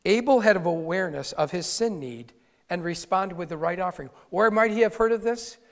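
A man's voice: high voice, brisk. A male pastor preaching a conversational sermon with wry asides to his congregation. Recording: long hall reverb.

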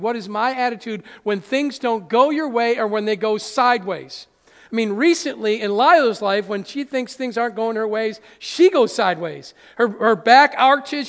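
High-voiced, gravelly pastor preaching. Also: male voice. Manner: animated, acts out little scenes. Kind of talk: sermon. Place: church sanctuary. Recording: church hall reverb.

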